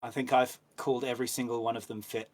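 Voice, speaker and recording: A man with an English accent, an actor guest telling anecdotes in a relaxed interview chat with frequent ums. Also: mid-range voice, fast.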